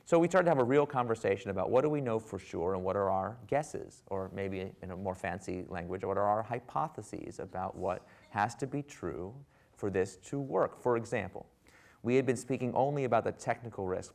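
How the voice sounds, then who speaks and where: Wry, animated man telling stories. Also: lowish voice, creaky. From United States. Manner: animated, wry storyteller acting out dialogue. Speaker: author and speaker. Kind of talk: public lecture storytelling. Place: lecture hall with audience.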